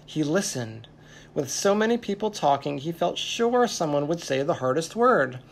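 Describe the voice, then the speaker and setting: A storyteller reading a children's story aloud in an expressive way at a family service. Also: mid-range voice, slight background noise. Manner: slow, expressive read-aloud.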